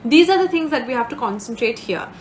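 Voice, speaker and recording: A woman's voice: on the high side, lively intonation, fast talker, a little hiss or hum. A woman teaching an exam-prep literature lesson. She explains each point over and over, checks in with "okay?" and "right?", and draws out words to show where the stress falls. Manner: stretches out key words to demonstrate stress.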